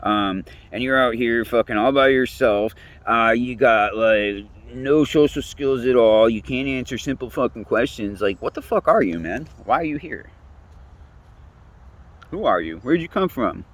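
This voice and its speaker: A man's voice: medium pitch, expressive, normal speed, a bit bright. Man, casual monologue, heavy swearing, chuckles, stumbling restarts. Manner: rambling, heavy swearing, laughs mid-sentence, many restarts. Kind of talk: rambling profane monologue.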